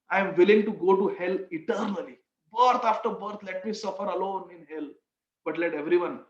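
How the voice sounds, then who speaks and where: A man voicing a humble, compassionate male saint who speaks softly and pleads. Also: sits high, natural voice. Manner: soft, pleading. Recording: echoey, dull sound.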